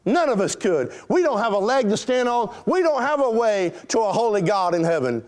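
Pastor guy preaching, high voice, really animated, keeps talking right at the pews. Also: normal speed. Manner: emphatic, rhetorical, addresses the congregation directly. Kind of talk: sermon.

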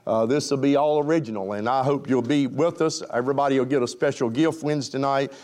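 A man's voice: mid-range voice, darkish tone. A male pastor preaching a sermon, folksy and joking, chatting with his congregation. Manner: folksy, joking, chuckling with the crowd.

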